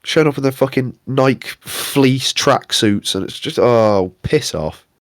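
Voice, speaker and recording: A man's voice: medium pitch, a little slow, no echo, studio quality. A young man co-hosting a podcast, ranting in a casual, sweary, exasperated way. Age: young adult. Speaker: podcast co-host.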